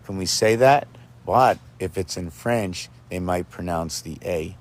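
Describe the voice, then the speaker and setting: Man on his own video, rambling, free-associating, voice on the low side. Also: a little slow. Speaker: video maker. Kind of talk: rambling monologue. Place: outdoors with dogs.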